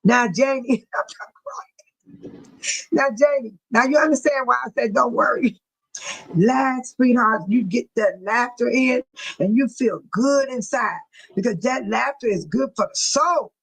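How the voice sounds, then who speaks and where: A woman's voice: high voice, unhurried, pauses often, a bit bright, husky, rough recording. A woman hosting a casual livestream, laughing hard and breathless as she talks to her chat. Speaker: livestream host.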